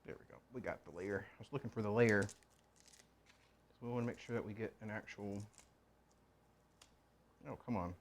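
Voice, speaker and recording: A man with a voice on the low side hosts a laid-back cooking vlog, chopping in his home kitchen while rambling and joking to himself and viewers. He speaks at a moderate pace with long pauses, over a little hiss or hum.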